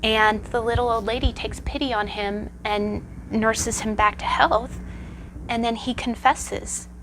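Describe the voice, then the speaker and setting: A woman's voice: on the high side, steady tone, measured pace, a bit bright, slight background noise. A woman giving a conversational tarot lesson, reflective and telling stories with many asides. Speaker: tarot teacher.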